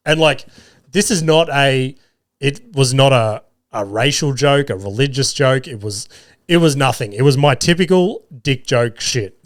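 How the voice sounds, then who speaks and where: A young man hosting a podcast, telling a long funny story with lots of swearing and laughter. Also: medium pitch. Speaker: podcast host. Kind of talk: casual storytelling.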